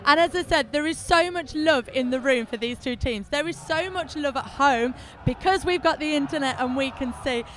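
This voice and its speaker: Chatty high-voiced woman announcer. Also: normal speed, few pauses, a bit bright, a little hiss or hum. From England. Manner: chatty, giggly, self-mocking. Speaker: roller derby announcer. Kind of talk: live sports commentary.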